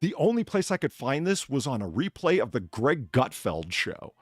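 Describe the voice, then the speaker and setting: A man hosting a casual stream chat, talking in an animated, profane way and acting out quotes as he narrates a clip. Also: mid-range voice, normal speed, husky, no echo, clean studio sound. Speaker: stream host.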